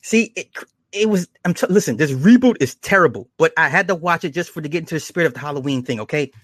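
A man casually retelling horror episodes, slipping into quick acted quotes and chuckles. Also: fairly high pitch, lively intonation, fairly bright tone, no echo, studio quality. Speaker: show reviewer.

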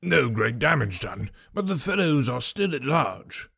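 Hearty old army colonel, husky and brisk, dry close read, as a male narrator puts him on. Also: medium pitch, big pitch swings, bright, forceful tone, dry recording, heavily acted. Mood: chatty. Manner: brisk, matter-of-fact. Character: bluff old retired army colonel, hearty country gent. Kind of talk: audiobook character reading.

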